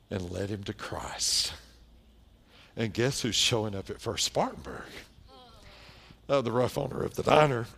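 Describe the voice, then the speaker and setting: Middle-aged man, pastor, story-driven sermon, wry asides, quiet emphasis. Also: lowish voice. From South Carolina.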